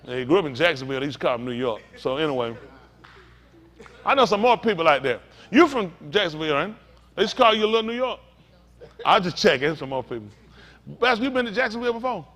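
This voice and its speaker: A man's voice: fairly high pitch, expressive, fast talker, a bit bright. A male pastor teaching a sermon in a conversational storytelling way, talking straight to the congregation.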